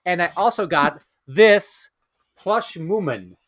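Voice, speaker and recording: A man co-hosting a podcast in casual chat, halting, with many filler pauses. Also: sits high, lively intonation, fairly bright tone, no room sound. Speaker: podcast co-host.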